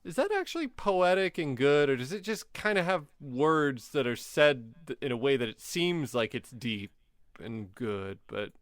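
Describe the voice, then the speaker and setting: A man's voice: medium pitch, sing-song, unhurried, no room sound. A man co-hosting a podcast in casual chat, making dry, wry remarks. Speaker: podcast co-host.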